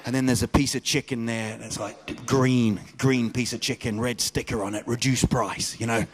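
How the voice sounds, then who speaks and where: A man doing a stand-up comedy set, telling stories in a loud, animated way with shouted bits. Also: medium pitch, moderate pace, a little hiss or hum.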